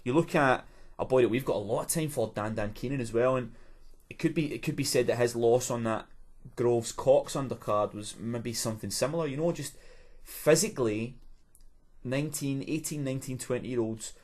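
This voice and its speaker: A man's voice: mid-range voice, normal speed, darkish tone. A man co-hosting a podcast, explaining his views earnestly in casual chat. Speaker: podcast co-host.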